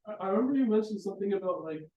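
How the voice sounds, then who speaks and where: Hesitant, fast-talking man far off in an echoey room. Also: sits high, expressive, dark tone, highs cut off, a little hiss or hum. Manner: hesitant, fumbling questions. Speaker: audience member asking a question. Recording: faint, distant voice in an echoey room.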